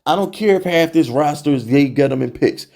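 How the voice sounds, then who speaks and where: Young male fan-channel host, slightly high, mellow voice, heated exasperated rant. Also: a little fast, vocal fry. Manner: animated, exasperated, repeats "bro" and rhetorical questions.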